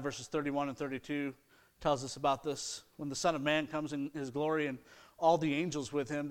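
A middle-aged pastor with a smooth, somewhat high voice delivers an earnest sermon. He reads scripture aloud and builds toward emphatic points, his emphasis rising as he mockingly quotes people's excuses.

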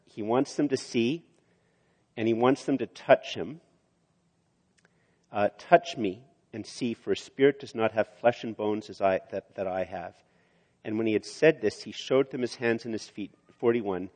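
An older man preaching a sermon, acting out quotes and rising to loud emphasis. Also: on the low side, unhurried. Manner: animated, rises loud for emphasis, acts out quotes. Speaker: pastor. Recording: long hall reverb.

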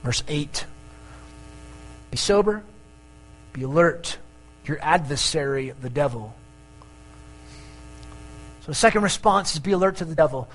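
A male pastor preaching a sermon in an animated way, mixing jokes and asides into his points. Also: on the high side, measured pace, long pauses, low-quality recording.

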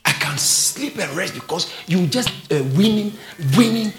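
A man preaching a sermon as a pastor, swinging from soft asides to shouted calls and often laughing between phrases. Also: sits high, moderate pace, reverberant. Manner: animated preaching, rising to shouts.

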